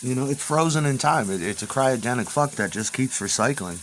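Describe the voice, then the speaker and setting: A man in his fifties telling rambling personal stories, profane and halting, with restarts. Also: medium pitch, expressive, a bit bright, a little hiss or hum. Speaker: interviewee.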